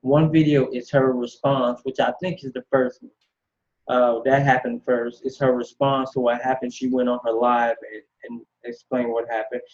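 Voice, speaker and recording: A man's voice: mid-range voice, flat delivery, normal speed. A man giving blunt, dismissive casual commentary, recorded with slightly dull lo-fi sound. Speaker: commentary host.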